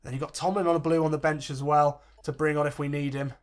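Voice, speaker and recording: A man's voice: a little high, flat delivery, fast. Man commentating his football game. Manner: commentates play-by-play, swears and yells when things go wrong. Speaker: gaming commentator.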